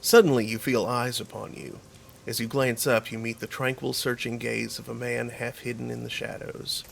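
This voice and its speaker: A man streaming a game, reading its story text aloud in a measured, descriptive way. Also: medium pitch, little pitch movement, creaky, a little hiss or hum.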